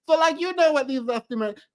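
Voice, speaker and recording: A man streaming reaction commentary on reality TV clips, exasperated and ranting, repeating words for emphasis. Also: very high voice.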